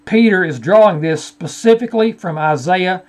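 A man's voice: high-pitched, expressive, normal speed, a little mellow. A man teaching from a shared screen, arguing a scripture point and addressing his opponent directly. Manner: argumentative, repeatedly addressing an opponent by name. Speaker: Bible teacher. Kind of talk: screen-share Bible study rebuttal.

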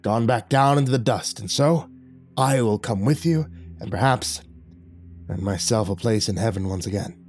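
Man doing a gruff undead sea captain. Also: fairly low pitch, moderate pace, a little mellow, soft background music, natural voice. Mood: grim resolve. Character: undead old sea captain, weary, loyal.

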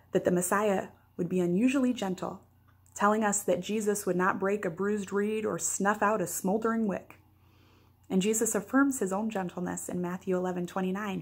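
A woman's voice: medium pitch, breathy edge. A woman pastor giving a daily devotional, teaching earnestly with playful asides.

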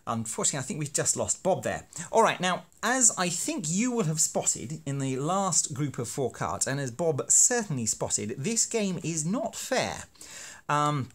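A man's voice: a little high, very animated, unhurried. A man explaining a teaching card game in a playful, self-deprecating, hammy way. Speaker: university lecturer making teaching videos. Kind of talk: educational explainer.

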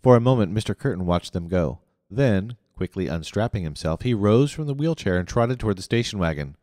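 Deep-voiced male audiobook narrator. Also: fairly quick, no echo, clean studio sound, long reverb tail. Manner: expressive, animated reading. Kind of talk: scripted narration.

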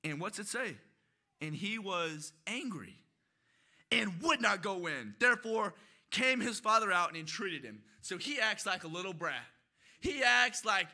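A young man preaching a sermon in a church, shouting his emphatic declarations. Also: high voice, lively intonation, measured pace. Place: church sanctuary.

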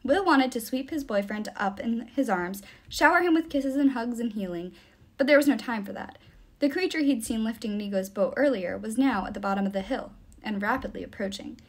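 A woman reading a novel aloud with expressive storytelling. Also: a little high, fairly quick. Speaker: reader.

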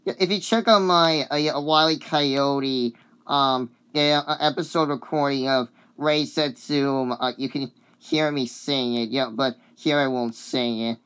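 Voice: medium pitch, steady tone, unhurried, fairly bright tone, clean tone. A sick, coughing video uploader chatting casually about a cartoon song, rambling and hesitant with many fillers and apologies.

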